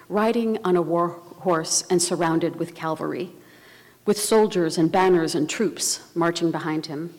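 A woman preaching a sermon in a measured, reflective way. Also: lowish voice, a little mellow. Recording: long reverb of a large hall.

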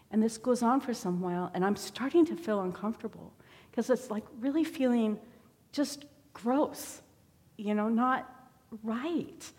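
In a church sanctuary with long hall reverb, a woman with a dark, medium-pitched voice gives her personal testimony as a church member, telling her story conversationally in a sermon.

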